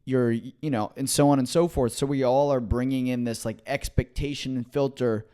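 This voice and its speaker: A young man with a mid-pitched voice co-hosts a casual podcast. He listens closely, then works through an idea aloud with stumbles and restarts. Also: fairly even intonation, warm tone, smooth. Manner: attentive listener, short affirmations, halting restarts. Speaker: podcast co-host. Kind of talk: casual chat.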